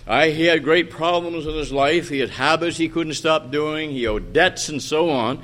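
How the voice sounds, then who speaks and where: A man's voice: fairly high pitch, moderate pace, a bit bright. A middle-aged man preaching a sermon in a church meeting room, fervent and pleading, his voice swelling and dropping.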